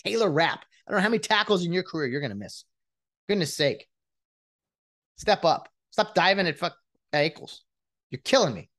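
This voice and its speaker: A man's voice: high-pitched, expressive, moderate pace, long pauses, fairly bright tone. A man in a casual sports rant, exasperated and mocking, often restarting his sentences as he vents as a fan. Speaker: sports commentator venting as a fan.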